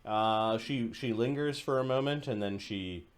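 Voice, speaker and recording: Halting man narrating as game master. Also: fairly low pitch. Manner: halting, filler-heavy narration.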